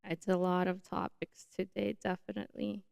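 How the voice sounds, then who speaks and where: A young woman hosting her own podcast on a new mic setup, chatting casually and excitably. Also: medium pitch, normal speed, vocal fry, clean tone, no room sound. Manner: chatty, excitable, says like a lot. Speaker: podcast host. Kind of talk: casual solo podcast chat.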